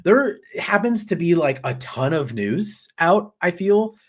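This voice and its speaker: Animated, jokey male host. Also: sits high, measured pace. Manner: animated, jokey, swears casually. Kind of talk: live pop culture news chat.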